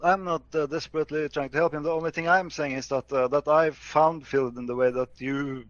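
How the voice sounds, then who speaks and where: A man speaks haltingly and defensively, stumbling over fillers as he explains himself. His voice is somewhat high and comes through a dull, dry, lo-fi mic. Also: steady tone, no echo. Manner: hesitant, many fillers and restarts, defensive. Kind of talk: casual argumentative chat.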